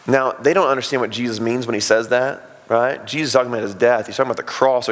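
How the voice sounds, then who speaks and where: A man preaching a sermon as a pastor, telling the story in an animated way and acting out the voices of the people in it. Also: medium pitch, quick pace, hardly any pauses. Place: church sanctuary. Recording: long hall reverb in church.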